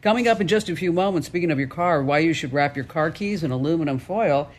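A woman's voice: deep voice, expressive, quick pace. A woman hosting a call-in radio show, chatty and joking about herself with callers.

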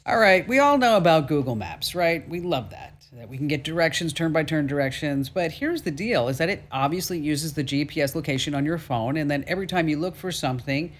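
A woman's voice: deep voice, fairly quick, few pauses. A woman hosting a call-in radio show about technology, giving friendly, chatty advice to callers and listeners with casual asides. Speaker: tech radio show host.

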